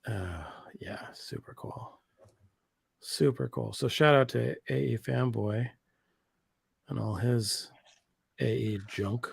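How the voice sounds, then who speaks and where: Gravelly, excitable man rambling casually. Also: medium pitch, slow pace, long pauses, dry recording. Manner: enthusiastic, rambling, heavy slang and filler "like". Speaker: co-host. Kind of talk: casual chat on a livestream.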